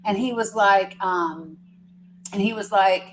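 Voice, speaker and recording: An American woman talks loosely to her live chat, wandering through a story and laughing at her viewers. Her voice sits at a middle pitch. A faint electrical hum runs underneath. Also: slow, low-quality recording. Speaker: live streamer. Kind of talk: casual live stream chat.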